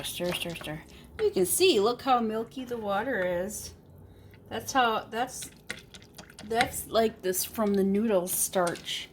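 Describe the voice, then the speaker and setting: A woman's voice: mid-range voice, slight background noise. A woman vlogging casually from her kitchen at home, chatty and rambling, correcting herself as she goes. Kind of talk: casual vlog chat.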